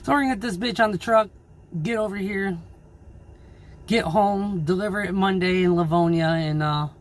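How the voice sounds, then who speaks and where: A man who drives his own truck, ranting angrily and swearing in a casual vlog about low freight rates. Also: normal speed. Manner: angry, swearing, frustrated. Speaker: owner-operator truck driver.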